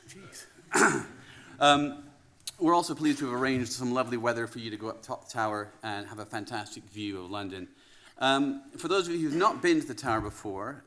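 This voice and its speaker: A man with a Canadian accent giving a relaxed, wry welcome speech as conference host, with frequent "um" fillers. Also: fairly low pitch. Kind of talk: welcome address. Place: conference venue in a tower.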